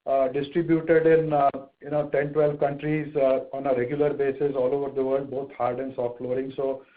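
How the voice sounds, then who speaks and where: A man speaking as a company executive on an earnings conference call, halting and hesitant, with many restarts. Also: medium pitch, flat delivery. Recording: phone-line audio.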